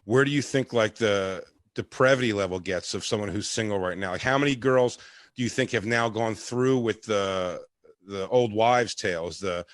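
A man's voice: on the low side, no echo. Guy riffing crude jokes on a comedy podcast, laughs a lot, dry close sound. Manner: riffing, quick bursts of laughter. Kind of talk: crude casual comedy chat.

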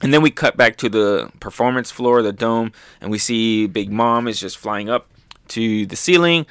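A man's voice: on the low side, normal speed, clear, resonant tone, no echo. A man hosting a manga review, chatting loosely with lots of fillers and swearing as he recaps chapters. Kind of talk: casual recap commentary.

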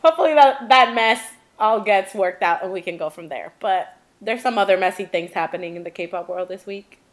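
A woman's voice: medium pitch, fairly quick. Casual woman co-host, laughing. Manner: laughs often, quotes people in put-on voices. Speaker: podcast co-host. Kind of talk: casual group chat.

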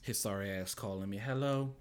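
A man's voice: on the low side, a little fast, clear, resonant tone, close to an everyday voice. A man voicing a fed-up wife who is sassy and dismissive. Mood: scornful.

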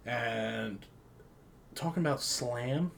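A man's voice: medium pitch, drawn-out words, vocal fry, slight background noise. A man in a casual chat, recalling a night out in a loose, rambling way.

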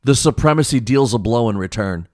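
Host quizzing co-host, animated pitch, giggly and teasing, dry close mic. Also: fairly quick, dry recording. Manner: teasing, laughs often, reads clues deadpan. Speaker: podcast host running a word-puzzle game. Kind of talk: casual podcast chat.

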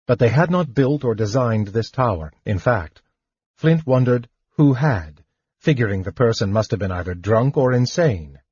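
A man reading an audiobook in steady scripted narration, on a muffled lo-fi recording. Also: medium pitch, normal speed, slightly rough, no room sound.

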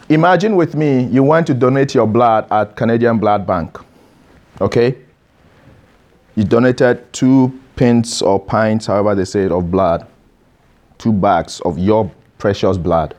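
A man's voice: medium pitch, a little mellow. A man preaching a sermon to young listeners, emphatic and repetitive, putting questions straight to the crowd in front of him. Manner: emphatic, repeats phrases, questions the listeners directly. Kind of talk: sermon to a youth audience.

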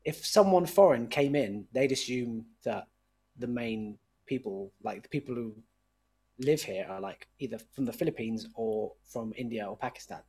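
A man who is a musician, a guest on a podcast, chatting in a relaxed, opinionated way. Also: mid-range voice, normal speed, husky. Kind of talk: casual conversation.

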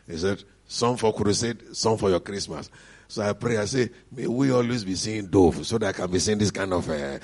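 Man, Nigerian accent, low pitched, preacher, lively storytelling, middle-aged. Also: normal speed. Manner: animated storytelling with frequent laughs and hallelujahs. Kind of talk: sermon testimony.

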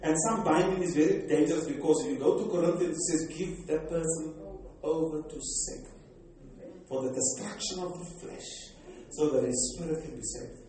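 A fervent, exhorting older pastor with a South African accent and a warm, mellow voice pitched a little high. He is picked up from far off in a very echoey hall. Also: moderate pace, a little hiss or hum. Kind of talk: sermon.

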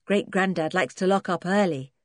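A busy, kindly farmer's wife, as a woman reader puts her on, fussy and motherly in a storybook reading. Her voice stays close to the reader's own, lowish and dry. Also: moderate pace, dry recording, lightly acted.

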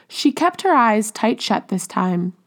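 A woman reading a classic novel aloud as audiobook narrator, measured and even. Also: on the high side, creaky. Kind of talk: scripted narration.

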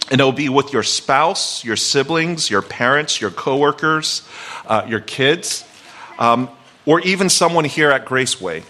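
The speaker is a forties-aged guest pastor whose bright, forceful, mid-range voice fills a church sanctuary. He shares a personal story within his sermon, reflective and conversational, poking gentle fun at himself.

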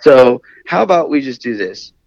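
A man's voice: mid-range voice, expressive, normal speed, creaky, a little mellow, dry recording, highs cut off. A man, a Navy veteran, telling a long personal story in casual, candid speech with wry humor. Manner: candid, wry, laughs at his own anger. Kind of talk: conversational storytelling.

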